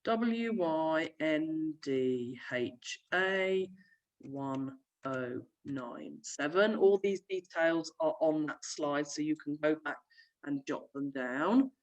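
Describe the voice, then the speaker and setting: A woman's voice: low voice, slow, recorded from a distance, muffled recording. A young woman, a primary school teacher, chattily explaining a remote lesson while sharing her screen. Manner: friendly, chatty classroom explaining.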